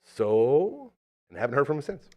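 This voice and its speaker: Podcast host, man, forties, lively, swings pitch a lot while telling stories. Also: normal speed. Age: 40s. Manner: animated storyteller, does voices when quoting. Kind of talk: casual chat.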